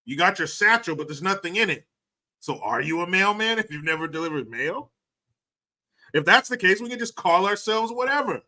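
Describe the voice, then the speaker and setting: A man's voice: on the high side, expressive, moderate pace, pushed and bright. A man hosting a casual livestream, ranting sarcastically and thanking viewers for donations. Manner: sarcastic, mocking rants with profanity. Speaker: livestream host reading donations.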